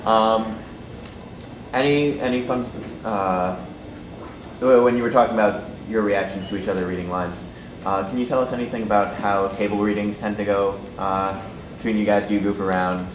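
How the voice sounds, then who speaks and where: A man asking a panel questions in a halting, hesitant way. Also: on the low side, fairly even intonation. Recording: echoey noisy hall.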